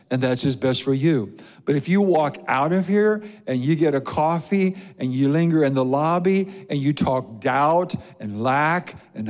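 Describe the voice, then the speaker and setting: A man's voice: a little high, a little mellow. Preaching man in a reverberant church. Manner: preaching with repeated lists and scripture readings. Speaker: pastor. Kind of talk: sermon. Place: church sanctuary.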